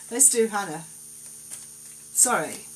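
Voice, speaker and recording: A woman with a slightly low voice gives gentle card readings on a live stream. She soothes and reassures her listeners and lets her thoughts wander unhurriedly. A faint electrical hum sits behind her phone-mic sound. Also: a little slow, rough recording. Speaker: psychic card reader.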